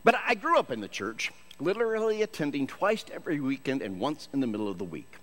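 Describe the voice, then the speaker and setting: A man's voice: medium pitch, very animated, quick pace, a bit bright. A man from Michigan, a Christian actor, giving a humorous storytelling sermon in a self-deprecating, jokey way.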